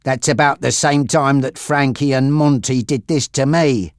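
A man's voice: medium pitch, steady tone, a little slow, no room sound, studio quality, close to an everyday voice. A man voicing a bitter, brooding man in a wheelchair who bursts into screaming rage.

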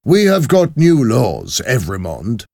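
A man's voice: mid-range voice, wildly swooping pitch, takes it slowly, vocal fry, darkish tone, dry recording, clean studio sound, voice pushed up, exaggerated voice. A man voicing a stern male revolutionary guard who delivers accusations in a storybook reading. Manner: curt, accusing.

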